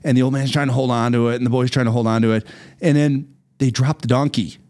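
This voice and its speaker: Male host, mid-range voice, loose and animated storyteller. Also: medium pitch, fast. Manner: animated, repeats words while telling a story. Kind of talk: casual storytelling chat.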